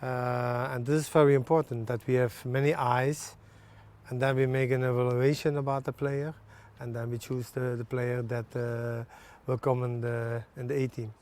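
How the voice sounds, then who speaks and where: A man, a national team's head coach, answering in halting non-native English with many pauses and fillers in a TV sports interview. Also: mid-range voice, little pitch movement, a little mellow. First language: not English.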